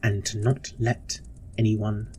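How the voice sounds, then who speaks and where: A man's voice: lowish voice, flat delivery, slow pace, warm tone, a little hiss or hum. A man voicing a stern strict old matron. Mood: hushed stern. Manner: harsh, lecturing, pleading when trapped. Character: stern strict older woman, orphanage matron.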